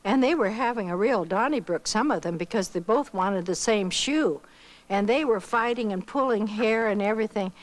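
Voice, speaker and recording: An older woman from Iowa giving a missionary testimony, telling her story with lively acted-out dialogue. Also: medium pitch, moderate pace, poor audio. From Iowa, United States. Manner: animated storyteller who acts out quoted dialogue.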